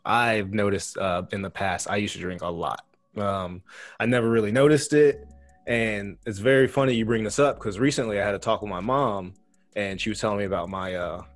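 Laid-back low-voiced young man. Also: normal speed, dry recording. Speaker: podcast co-host. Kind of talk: casual chat.

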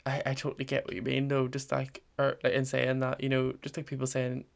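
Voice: medium pitch, monotone, a little fast, creaky. A podcast host chatting casually, rambling and enthusiastic, with many fillers.

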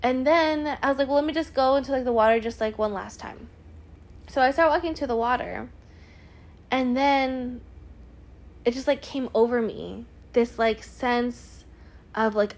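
A woman's voice: fairly high pitch, normal speed, a little mellow. A young woman hosting a podcast, telling a personal story in an earnest, emotional way and filling her talk with "like". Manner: chatty, heavy use of "like" fillers. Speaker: podcast host.

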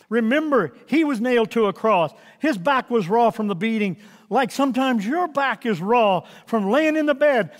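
Older male preacher, high voice, hall echo. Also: moderate pace. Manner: earnest preaching, dropping to a soft hush for tender moments. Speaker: pastor. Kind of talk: sermon.

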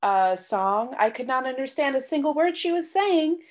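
A woman's voice: high voice, animated, normal speed. A woman guest on a podcast, chatting casually and explaining things in a knowledgeable way. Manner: knowledgeable, explains at length with little laughs. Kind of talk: casual chat.

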